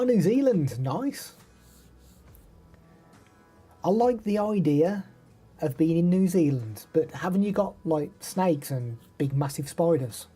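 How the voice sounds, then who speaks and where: Midlands guy live streaming, chatty, mellow dark voice, bit husky. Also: fairly high pitch. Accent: English Midlands. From the English Midlands. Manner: chatty, reads out viewer names and answers them. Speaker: live streamer demoing microphones. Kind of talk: casual live stream chat.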